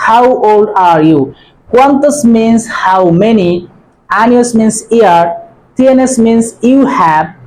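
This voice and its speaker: Woman teacher, slow and deliberate, repeats each phrase, mid-pitched voice. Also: poor audio. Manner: repeats phrases slowly, drawing out words. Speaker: language teacher. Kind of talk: slow spoken language lesson.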